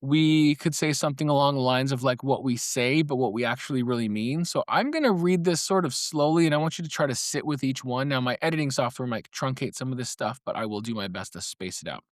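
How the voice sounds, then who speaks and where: A man's voice: mid-range voice, a little fast, few pauses, no echo, studio quality. A man hosting a solo comic podcast, talking in a wry, playful, conspiratorial way and laughing between phrases. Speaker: podcast host.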